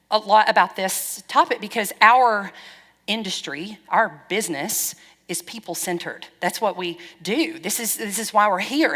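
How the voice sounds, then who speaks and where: A middle-aged woman pastor preaching a sermon, frank and lively, acting out bits of dialogue as she goes. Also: medium pitch. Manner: lively, frank, wry storytelling with quoted dialogue. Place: church hall. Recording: long church-hall reverb.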